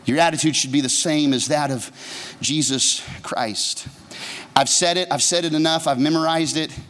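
A man pastor delivers a lively sermon in a slightly higher voice, teasing his congregation and tossing them questions. The sound carries a long reverb tail from a church sanctuary. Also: moderate pace. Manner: humorous, conversational, asks the congregation questions.

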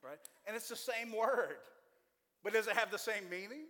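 A man in his forties preaching a sermon to a church congregation, folksy and joking, with animated delivery. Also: high-pitched, normal speed, in a large hall. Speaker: pastor.

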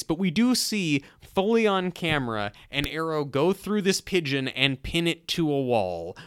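Podcast co-host, male, lively and exasperated, smooth clear voice, dry close sound. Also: a little high, no room sound. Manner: animated, exasperated, jokey rants. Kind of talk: casual comedic movie recap.

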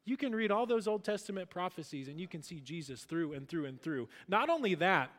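A man preaching a sermon as pastor, emphatic, swinging between loud declarations and hushed lines. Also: high-pitched, big pitch swings, a little fast. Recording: long hall reverb.

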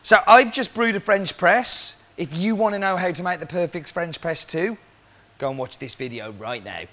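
A man's voice: high-pitched, moderate pace, bright, forceful tone. A man working as a coffee roaster, explaining cupping scores and roasting, talking through questions aloud as he goes.

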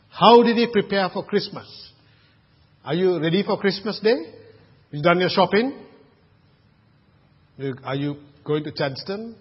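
A man's voice: a little high, husky, in a large hall, dull audio. A man from Sri Lanka preaching a sermon as pastor, chatty and asking the congregation questions. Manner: conversational, asks the congregation questions.

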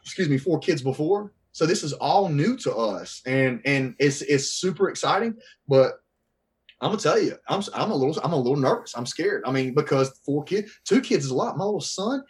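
A man in his thirties from the Southern US, a podcast guest telling a story in a casual, animated way and acting out what people said. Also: fairly high pitch, normal speed. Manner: animated, acts out quoted voices.

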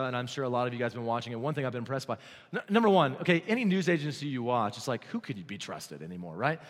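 A man preaching a sermon as pastor, swinging from hushed, low passages to loud, excited stretches. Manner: dynamic, swings from hushed to shouting. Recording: long hall reverb.

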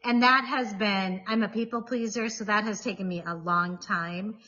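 A woman's voice: medium pitch, fairly even intonation, moderate pace, bright, forceful tone, muffled recording. A middle-aged woman, a divorce mediator, talking earnestly and emphatically as a podcast guest. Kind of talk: casual chat.

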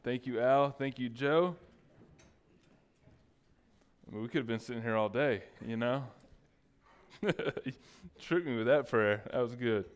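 A man's voice: medium pitch, normal speed, pauses often, clear, resonant tone. A man preaching as a pastor, joking and teasing his congregation between points. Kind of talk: sermon with playful asides.

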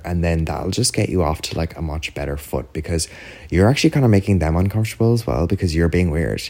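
An Irish man with an extremely deep voice, talking casually on his own podcast. He rambles on, dropping "like" into most sentences and checking in with "do you know what I mean". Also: quick pace, a little mellow. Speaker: podcast host. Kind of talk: casual solo chat.

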